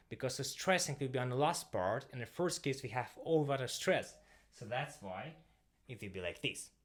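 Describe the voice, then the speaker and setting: A young Russian-accented man teaching an online language lesson. He talks at a middle pitch and walks his learners through each point one step at a time, like a patient teacher writing on a board.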